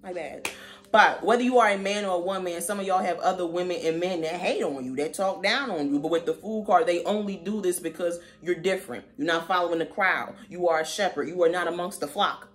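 A woman giving a casual tarot reading in a sassy, slangy manner with animated asides. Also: on the low side, a little fast. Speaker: tarot reader.

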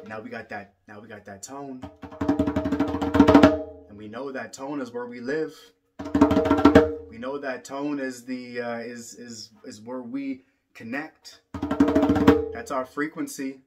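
A poet and drummer teaches about the drum in a rhythmic spoken-word style, repeating lines like a chant. His mid-range voice moves slowly with long pauses, and drum music plays throughout the recording.

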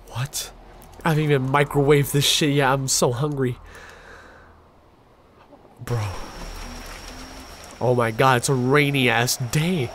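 A man's voice: mid-range voice, slight background noise. A man streaming a horror game, reacting with jumpy outbursts and constant swearing. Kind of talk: horror game let's play commentary.

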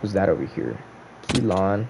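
A young man casually commentating his own game livestream, playful and animated as he jokes with viewers. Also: low voice, normal speed, vocal fry, slight background noise. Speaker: streamer.

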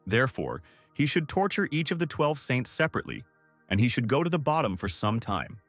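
Guy narrating a comic recap, bouncy lively voice, dry mic, faint music behind. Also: mid-range voice, fairly quick, no echo. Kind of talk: scripted narration.

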